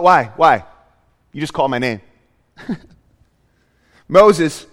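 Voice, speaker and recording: High-voiced man preaching in a reverberant hall. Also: fairly bright tone. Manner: earnest, storytelling with emphatic repetitions. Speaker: pastor. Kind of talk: sermon.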